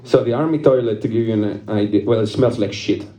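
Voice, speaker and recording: A man's voice: lowish voice, a little fast, warm tone, roomy sound. A young man performing a stand-up comedy set, telling a rambling story, laughing at his own jokes and swearing casually.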